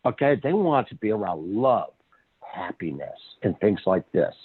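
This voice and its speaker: A man's voice: fairly low pitch, normal speed, husky, dry recording. A man, a psychic medium, chatting casually as a podcast guest and telling stories with lots of restarts and laughs. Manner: animated storyteller, restarts a lot, laughs often. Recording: tinny phone line, dry.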